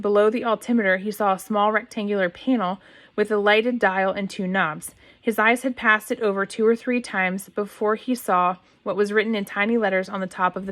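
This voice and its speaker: Woman reading a book chapter out loud, plain and steady, stumbles and restarts sometimes. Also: medium pitch. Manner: plain reading with occasional restarts and throat clearing. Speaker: reader. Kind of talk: reading a novel aloud.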